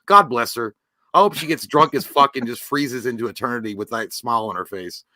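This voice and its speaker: A man's voice: mid-range voice, fairly quick, sharp tone, dry recording. A man co-hosting a podcast in casual, rambling, profane banter, laughing often. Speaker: podcast co-host.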